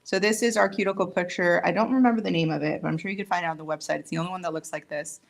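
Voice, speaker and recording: Talking very fast in a fairly low, gravelly voice with a steady tone, a woman demonstrates nail tools on a livestream while working. She's chatty and casual, a touch weary, and teases herself throughout.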